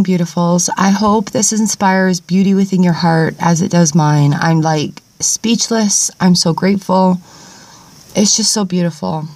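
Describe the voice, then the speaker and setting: A woman vlogging outdoors in cold wind at sunrise, recording on a tablet and talking warmly and gratefully to her viewers. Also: on the low side, measured pace. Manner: gushing, grateful, affectionate to viewers. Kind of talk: casual outdoor vlog talk. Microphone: tablet camera.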